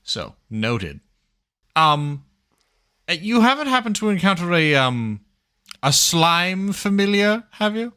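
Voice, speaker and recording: A man's voice: sits high, very animated, slow pace, long pauses, bright, forceful tone, clear, resonant tone. A man playing a tabletop game, dry and wry, moving in and out of character. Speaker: player.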